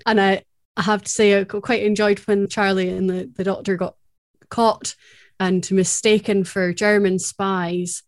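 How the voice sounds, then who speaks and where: A woman's voice: medium pitch, level tone, a little slow. A woman co-hosting a podcast, chatting casually with wry, playful humour and laughter. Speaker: podcast co-host. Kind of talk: casual chat.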